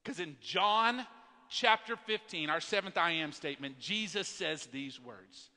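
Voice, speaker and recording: A man's voice: a little high, lively intonation, measured pace, bright, forceful tone. A male pastor preaching an earnest, emphatic sermon to his congregation, often restarting his words. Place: large church worship center. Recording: long hall reverb.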